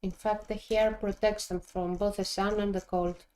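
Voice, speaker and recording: A woman's voice: mid-range voice, little pitch movement, moderate pace, darkish tone. A woman from Greece with a Greek accent, chatting casually and teasing on a stream. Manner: playful, teasing.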